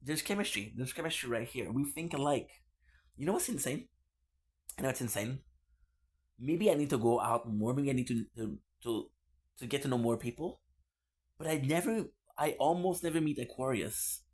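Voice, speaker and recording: A man's voice: mid-range voice, lively intonation, normal speed, a little mellow. A man streaming live, chatting casually with viewers in a playful, teasing way, often repeating himself. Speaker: live streamer reading chat.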